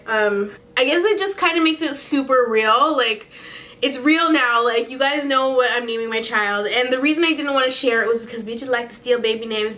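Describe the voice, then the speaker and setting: A woman's voice: a little high, pushed and bright. Candid, chatty young woman vlogging. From Canada. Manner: chatty, candid, swears casually, gets emotional. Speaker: beauty vlogger. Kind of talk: casual chat to camera.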